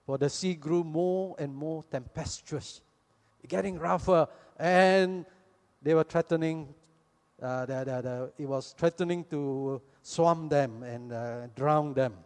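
A man's voice: on the high side, slow, darkish tone, clean tone. A man preaching a sermon in a church hall, acting out the people in the story as he retells it. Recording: long reverb from a hall.

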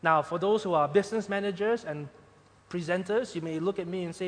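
A man preaching a sermon as pastor, swinging between loud emphatic points and quiet, soft passages. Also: high-pitched, brisk. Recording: long hall reverb.

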